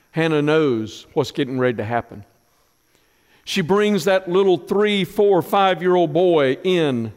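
Male pastor, middle-aged, slightly high voice, emotional storytelling sermon, long hall reverb. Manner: storytelling, emotional, softens to a hush in tender moments.

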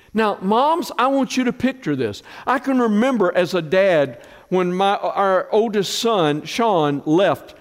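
A middle-aged man preaches a sermon in a slightly high voice, his words ringing out with a long reverb. He tells stories with deep feeling and sinks to a soft hush at the tender parts. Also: animated, moderate pace, few pauses. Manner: storytelling, emotional, softens to a hush in tender moments. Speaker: pastor.

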